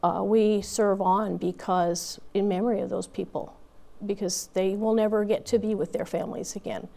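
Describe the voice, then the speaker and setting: A woman's voice: medium pitch, fairly even intonation, moderate pace, vocal fry, mellow. A woman in her fifties, a Marine Corps veteran, telling her story candidly in an interview with plenty of fillers and restarts.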